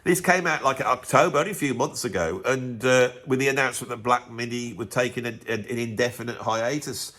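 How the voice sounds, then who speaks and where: A man, a drummer, talking through an album list in a blunt, animated, casual review with lots of restarts. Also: mid-range voice, fairly quick, few pauses.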